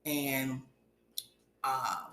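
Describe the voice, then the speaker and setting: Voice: mid-range voice, fairly even intonation, very slow, pushed and bright, reverberant. A podcast host giving a casual episode recap, retelling scenes in a chatty way and acting out quotes from the characters.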